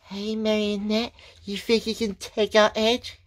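A man voicing a creepy young girl who slowly mocks and taunts an opponent. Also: high voice, flat delivery, voice pushed up. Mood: taunting.

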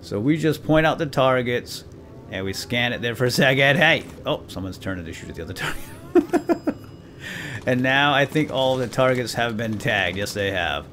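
A man in the middle of his range talks viewers through a game in an easygoing, self-deprecating way. Every so often he shouts mock commands at the crew on screen. Faint room ambience sits behind his voice. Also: mid-range voice, very animated, moderate pace, slight background noise. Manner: chatty and self-deprecating, addressing viewers directly. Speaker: gaming channel host. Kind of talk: let's play commentary.

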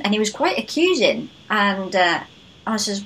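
A woman hosting a podcast, telling a story in a chatty, animated way. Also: medium pitch, moderate pace, a little hiss or hum, rough recording. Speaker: podcast host. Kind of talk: casual podcast interview.

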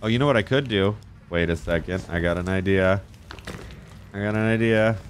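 Excitable, foul-mouthed man with a low voice. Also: normal speed, slight background noise. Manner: excitable, profane, jokey, talks to game characters. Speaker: gaming YouTuber. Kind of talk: gameplay commentary.

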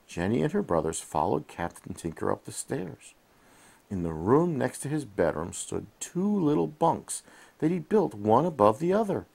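Gravelly dad reading a bedtime story. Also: male voice, medium pitch, big pitch swings, moderate pace. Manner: gentle, asks the child questions. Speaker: father reading to his child. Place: in bed at home. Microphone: head-mounted camera.

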